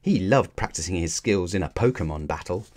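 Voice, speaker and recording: A man narrating a children's storybook aloud in an expressive, measured way. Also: low-pitched. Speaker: storybook reader.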